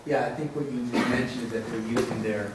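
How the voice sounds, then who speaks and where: A man's voice: medium pitch, fast. Man commenting from a conference audience. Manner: thoughtful, hesitant with fillers. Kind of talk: discussion comment. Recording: roomy, distant mic with audible hiss.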